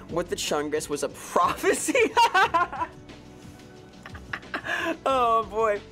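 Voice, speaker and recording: A woman's voice: fairly low pitch, fairly bright tone. A woman streamer chatting casually while playing a game, talkative, laughing often and answering chat.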